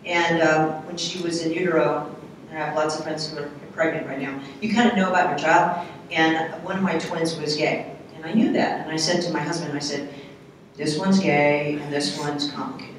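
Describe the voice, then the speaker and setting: A middle-aged woman speaking on a panel, telling a personal story in a candid, halting, soft-spoken way. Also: sits low, steady tone, slight background noise. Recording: echoey hall from far off.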